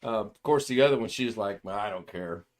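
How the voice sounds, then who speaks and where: A man's voice: lowish voice, fairly quick. An older man hosting a livestream, chatting casually and rambling through a story while he acts out other people's voices and chuckles often. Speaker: livestream host. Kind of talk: casual chat.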